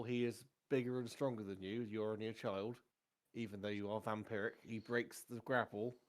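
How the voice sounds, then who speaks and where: A man, narrating a tabletop game as game master in a relaxed, chatty way. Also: fairly low pitch.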